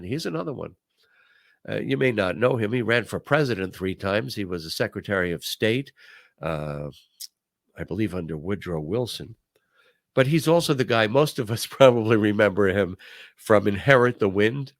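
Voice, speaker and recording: An older man hosts a talk show with a gravelly edge to his voice. His pitch rises and falls animatedly as he tells stories and acts out famous quotes. The sound is dry and close. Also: a bit bright, no echo. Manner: storytelling, quotes speeches in put-on voices. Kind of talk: conversational commentary.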